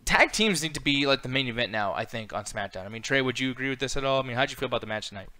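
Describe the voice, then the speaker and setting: A man's voice: mid-range voice, lively intonation, rapid-fire, sharp tone. A man co-hosting a casual review chat, ranting and swearing freely. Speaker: co-host.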